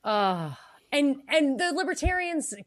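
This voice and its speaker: A woman co-hosting a podcast in casual political chat, animated, laughing often and acting out the people she quotes. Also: high-pitched, measured pace. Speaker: podcast co-host.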